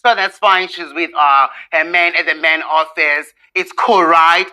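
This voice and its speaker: A man's voice: a little high, fairly even intonation, measured pace, sharp tone, rough recording. A man recounting a personal story in a gossipy, profane way, with bursts of laughter.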